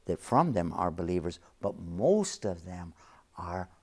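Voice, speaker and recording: A man with a low voice, very animated yet at a measured pace, is a sheikh appearing as a guest on a show. He explains his faith with earnest emphasis, repeating important phrases, in what amounts to religious teaching within an interview.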